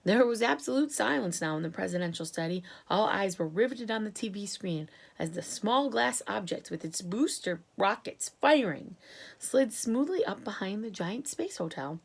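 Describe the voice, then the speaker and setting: A woman teacher reading a chapter book aloud to children, in a lively and expressive way. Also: medium pitch, moderate pace, creaky.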